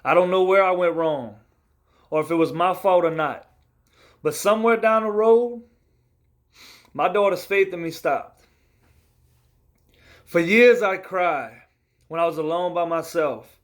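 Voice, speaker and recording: A man's voice: high-pitched, unhurried, pauses often. Earnest man reciting a rhymed life story. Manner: earnest, heartfelt, confessional. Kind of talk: rhymed spoken-word poem.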